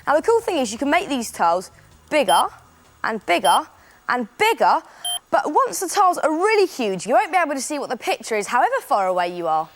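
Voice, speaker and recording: A woman's voice: sits high, sing-song, fast, hardly any pauses. A woman presenting a children's craft show, explaining steps in an upbeat, chatty way. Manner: chatty, enthusiastic, step-by-step explaining.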